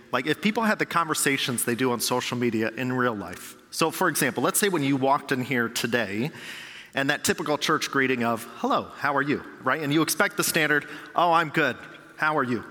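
A man's voice: medium pitch, pushed and bright. A man preaching a sermon as a pastor, talking in a conversational way and acting out quoted people. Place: large church hall. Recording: long reverb of a large church hall.

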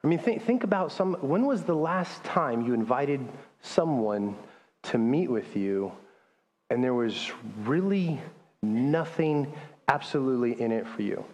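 A man's voice: medium pitch, lively intonation, a little slow, a little mellow, slight background noise. A man preaching a sermon as pastor, talking in a conversational way and reading scripture aloud. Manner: conversational, restarts often, reads scripture aloud. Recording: long hall reverb.

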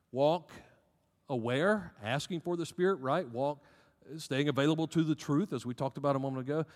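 A man's voice: a little high, big-room sound. A man with a Southern American accent preaching a sermon as pastor, emphatic, rising and dropping in volume.

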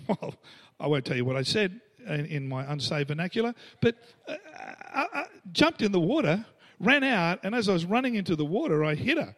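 A middle-aged Australian man preaching a storytelling sermon, acting out the voices he quotes and laughing between lines. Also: high-pitched. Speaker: pastor.

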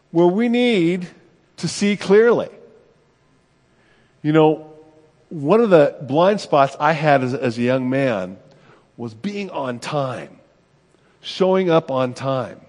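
A man's voice: fairly high pitch, lively intonation, slow pace, pauses often, big-room sound. A middle-aged man, a pastor, preaching a sermon in a conversational, self-deprecating way, often checking in with "right?".

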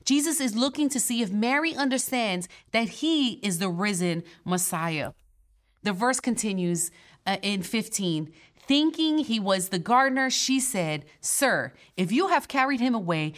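A woman's voice: a little high, a bit bright. A woman pastor delivering a sermon in a church, earnest and conversational, with playful asides between scripture readings.

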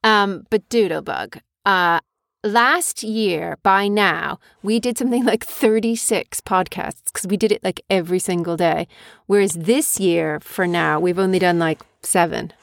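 Teasing mum on a podcast. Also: female voice, on the low side, measured pace, creaky, few pauses, dry recording, clean studio sound. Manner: teasing, affectionate, chatty. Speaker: podcast co-host, mother. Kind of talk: casual family podcast chat.

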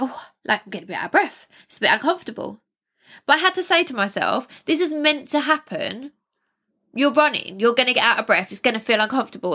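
A young woman hosts her own self-help podcast, talking in a loose, reassuring way with the odd laugh and restart. Her voice is bright and clear, sitting a little high. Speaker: podcast host. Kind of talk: casual solo podcast talk.

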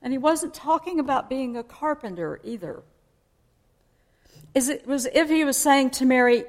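A woman's voice: high voice, lively intonation, moderate pace, long pauses. A woman preaching a sermon in a conversational way, explaining and asking her listeners questions. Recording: long hall reverb.

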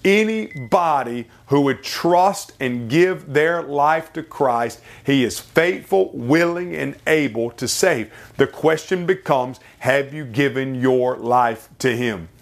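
A man's voice: mid-range voice, takes it slowly, creaky, hardly any pauses. A man preaching a radio sermon, repeating phrases for effect and building to impassioned emphasis at key points.

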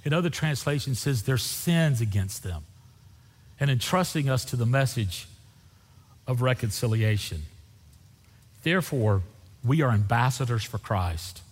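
A pastor telling a personal story in a sermon, acting out the dialogue with lively storytelling. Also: male voice, medium pitch, a little slow, pauses often, husky, big-room sound.

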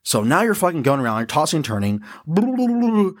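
A man's voice: on the high side, sing-song, fast. A man hosting a podcast, giving a casual motivational monologue in a blunt, profane and self-deprecating way. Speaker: podcast host.

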